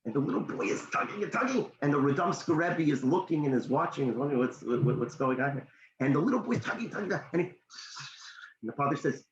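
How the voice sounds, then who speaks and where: Animated man telling a story. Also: fairly quick, a little hiss or hum. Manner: animated storyteller, pitch leaps when excited. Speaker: motivational speaker. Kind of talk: storytelling in a discussion. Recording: echoey room, dull lo-fi sound.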